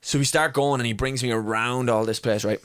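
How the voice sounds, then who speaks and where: A young man on a podcast telling a funny story in casual chat, animated and swearing freely, often breaking into laughter. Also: medium pitch, brisk, smooth, no echo, studio quality. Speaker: podcast co-host.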